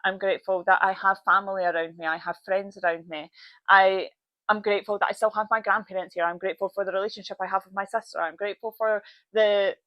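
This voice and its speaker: A woman's voice: mid-range voice, fairly even intonation, fast, dry recording, lo-fi sound. Woman, thirties, podcast host, blunt, swears freely, repetitive emphatic lists, dry close mic. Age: 30s. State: tearful, voice breaking with emotion. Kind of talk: motivational solo podcast.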